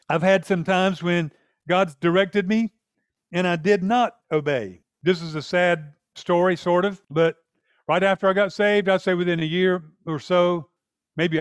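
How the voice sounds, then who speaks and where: A man's voice: high-pitched, smooth, no room sound. A man in his fifties preaching a sermon, telling personal stories with acted-out quotes. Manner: storytelling, animated with acted-out quotes. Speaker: pastor.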